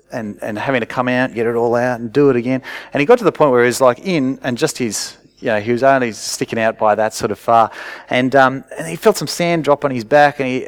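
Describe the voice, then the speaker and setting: A man's voice: mid-range voice, dry recording. Male preacher, chatty sermon delivery, dry close sound. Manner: conversational storytelling, rising to loud urgent cries.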